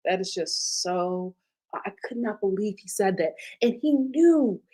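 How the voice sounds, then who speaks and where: A woman recaps a reality TV episode in casual talk, and she gets animated and emphatic as she goes. She repeats her punchlines for effect. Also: medium pitch, unhurried. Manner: retells scenes in quoted voices. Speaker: host of a TV recap channel.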